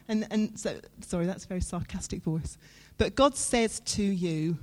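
A woman preaches in a warm, mellow voice. She talks to her listeners in an earnest, conversational way and leans on dramatic pauses. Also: on the low side, steady tone. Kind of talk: sermon.

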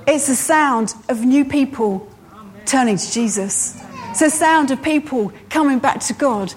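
A woman preacher gives a sermon in a high voice, slow and deliberate throughout. She takes her time, leaning on each phrase and repeating lines for emphasis.

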